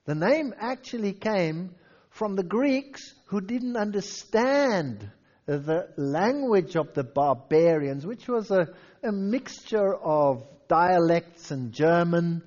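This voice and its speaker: Animated high-voiced man lecturing on history. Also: takes it slowly, highs cut off. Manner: storytelling, reads quotations aloud with dramatic flair.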